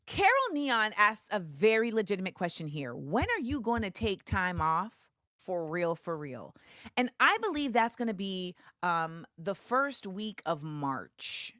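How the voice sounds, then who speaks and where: Animated woman hosting a live chat. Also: mid-range voice, no echo, studio quality. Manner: animated, shouts out viewers, bursts of excitement and laughter. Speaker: livestream show host. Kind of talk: casual live chat with viewers.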